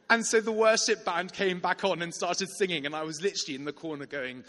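A young man in his twenties preaching a sermon built around a personal story, told with animated energy and many restarts. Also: high voice, fast, hardly any pauses, big-room sound.

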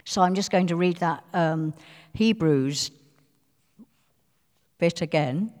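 A woman giving a devotional sermon, speaking earnestly and pleading softly as she dwells on scripture. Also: lowish voice, slow pace, in a large hall. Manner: earnest, pleading, soft when quoting scripture. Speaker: preacher.

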